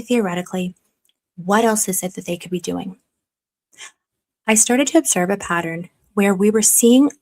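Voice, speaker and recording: A woman's voice: medium pitch, darkish tone. A woman talking through her investigation in a casual commentary, rambling with restarts and speculative asides.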